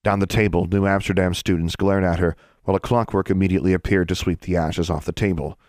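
A man narrating an audiobook podcast in a steady, measured reading. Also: sits low, dry recording, clean studio sound. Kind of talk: scripted narration.

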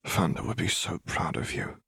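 A man reading the part of a weary, idealistic woman sheriff who speaks in a soft, measured, formal way. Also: low voice, creaky, slightly rough, no echo, clean studio sound, exaggerated voice. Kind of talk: audiobook reading of fan fiction.

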